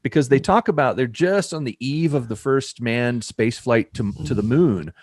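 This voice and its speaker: A man's voice: medium pitch, normal speed, no echo, clean studio sound. A man co-hosting a review podcast, explaining details and thinking aloud. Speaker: podcast co-host. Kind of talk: casual review chat.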